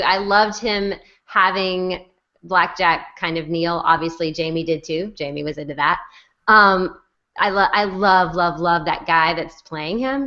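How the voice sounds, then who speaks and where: A woman's voice: fairly low pitch, bright, forceful tone. A woman co-hosting a podcast in casual chat, talking in an effusive, gushing way over a video call. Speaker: podcast co-host. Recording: dull lo-fi call audio.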